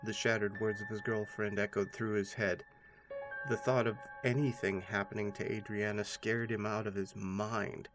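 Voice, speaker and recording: Low-voiced man narrating horror. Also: little pitch movement, moderate pace. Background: faint background music.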